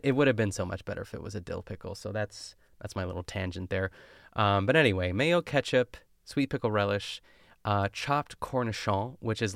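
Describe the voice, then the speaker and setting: A man's voice: lowish voice, vocal fry, dry recording, clean studio sound. A young man casually chatting and rambling as a podcast host, recapping a cooking show with lots of fillers and tangents. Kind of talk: casual chat.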